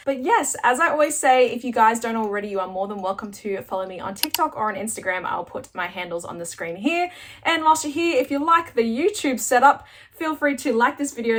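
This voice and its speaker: A woman's voice: a little high, a bit bright. Australian woman, casual book vlog host, chatty and effusive. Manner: bubbly and gushing, chatty with many likes. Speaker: book vlogger. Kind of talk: casual chat to camera.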